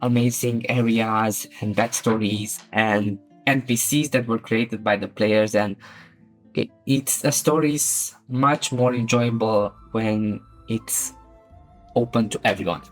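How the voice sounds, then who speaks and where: Game master: a woman with an unusually deep voice and a relaxed, guiding manner, over faint music. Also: slow, low-quality recording. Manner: guiding players with frequent laughter. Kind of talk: casual tabletop game prep chat.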